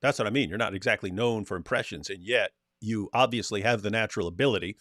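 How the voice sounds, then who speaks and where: A man's voice: on the low side, quick pace, no echo, clean studio sound. A man co-hosting a casual livestream, reading viewer comments and joking with his co-host. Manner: animated, reads viewer comments aloud with mocking voices.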